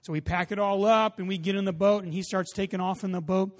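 A pastor preaching a sermon, telling a lively personal story and acting out the voices in it. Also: male voice, high voice, fast talker. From Texas. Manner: animated storytelling, acts out voices. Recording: long hall reverb.

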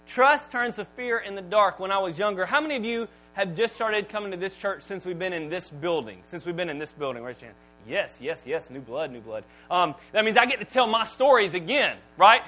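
High-voiced pastor with dramatic swings. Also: male voice, expressive, bright, forceful tone, slight background noise, poor audio. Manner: dramatic pauses, drops to near-whisper, then booms. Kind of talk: sermon.

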